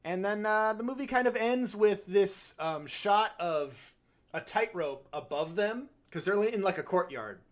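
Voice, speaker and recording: Animated man retelling a movie. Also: high voice, a little slow. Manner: animated retelling with acted-out quotes and frequent laughs. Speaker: podcast co-host. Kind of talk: casual chat.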